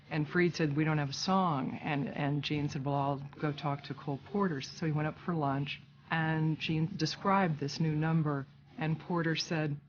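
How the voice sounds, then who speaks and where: A woman's voice: sits low, highs cut off, slight background noise. A woman recounting behind-the-scenes stories in a documentary interview, retelling quoted dialogue conversationally.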